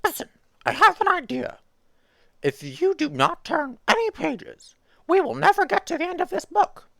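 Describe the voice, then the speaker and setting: Woman doing a frantic, squeaky Grover. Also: big pitch swings, normal speed, creaky, a bit bright, no echo, full character voice. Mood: worried. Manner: high, strained, frantic and pleading. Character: furry male monster puppet, anxious and pleading.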